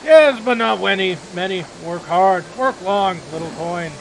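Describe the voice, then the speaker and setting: Man doing a gruff, loud orc laborer. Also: sits high, measured pace, a little hiss or hum, rough recording. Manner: broken clipped grammar, blunt short phrases. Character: downtrodden male orc factory laborer, gruff.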